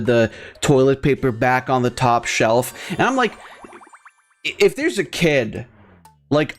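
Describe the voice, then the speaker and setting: A young man hosting a gaming video, ranting in a rambling, profane way full of fillers and restarts. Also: mid-range voice. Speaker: gaming channel host. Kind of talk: casual ranting commentary over gameplay.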